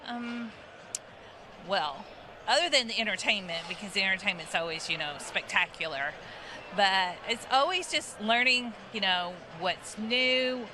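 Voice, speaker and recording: A woman's voice: medium pitch, unhurried. Woman chatting at a conference, lots of ums and you knows, noisy background. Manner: chatty, with many fillers. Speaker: conference attendee interviewed. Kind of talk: casual interview on expo floor.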